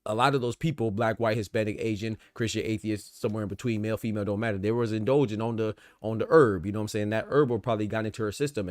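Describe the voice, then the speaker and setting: A man from the American South hosts a podcast in a relaxed, slangy way and keeps dropping "man" and "you know." His voice sits low. The sound is dry and close, with no room heard around it. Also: dry recording. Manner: laid-back, slangy, repeats "man" and "you know what I'm saying". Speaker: podcast host. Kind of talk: casual boxing podcast talk.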